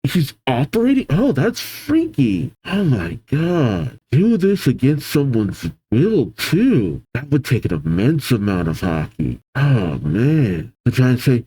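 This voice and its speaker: A man's voice: medium pitch, huge pitch swings, takes it slowly, hardly any pauses, dark tone, husky, low-quality recording. A man hosting a manga reaction, reading the panels aloud and reacting with frequent exclamations.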